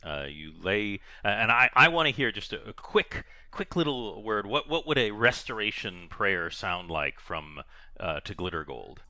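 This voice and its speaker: A man narrating as game master of a tabletop game, animated and rambling with many fillers. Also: on the low side, moderate pace, no room sound.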